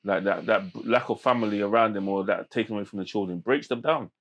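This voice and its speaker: A man, a podcast guest telling stories in animated street slang with many restarts. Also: lowish voice, fast. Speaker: podcast guest, men's mental health campaigner. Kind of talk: casual podcast conversation.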